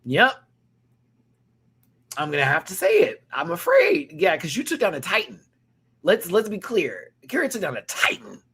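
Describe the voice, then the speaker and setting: A man from the American South with a Southern accent, hosting a casual reaction review and talking in an animated, slangy way that is full of swearing. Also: high-pitched, moderate pace, vocal fry, pauses often, husky. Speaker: reaction show host.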